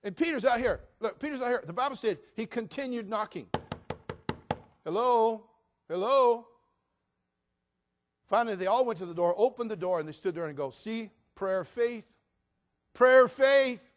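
A man in his sixties preaching a sermon as pastor, telling Bible stories with lively acted-out voices. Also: sits high, fast, few pauses, a little hiss or hum. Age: 60s.

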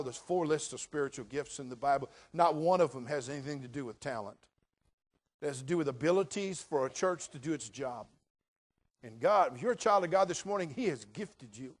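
High-voiced older man preaching loudly. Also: animated, fairly quick. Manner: swings from quiet asides to loud emphatic preaching; folksy, jokey, addresses crowd as brother. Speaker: pastor. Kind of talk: sermon.

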